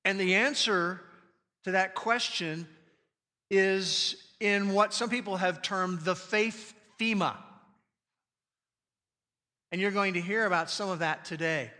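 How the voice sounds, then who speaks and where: A man preaching a sermon as pastor, speaking emphatically with slow, deliberate stresses on quoted scripture. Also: high-pitched, pushed and bright. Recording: long reverb of a large hall.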